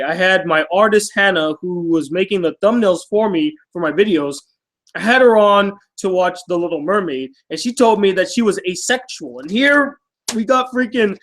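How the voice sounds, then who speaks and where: A man with a high, light voice reads viewer letters on his vlog. He reacts to each line out loud, swinging between sudden loud outbursts and low, trailing mumbles, with casual swearing mixed in. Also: rough recording. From United States. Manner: animated, reacting aloud, swears casually, drifts from loud exclamations to quiet mumbles. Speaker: YouTube host reading fan mail. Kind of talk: casual fan-mail reading vlog.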